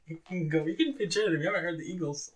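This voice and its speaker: Excitable man, chuckling and talking fast. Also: a little high, distant mic. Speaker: podcast co-host. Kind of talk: casual chat.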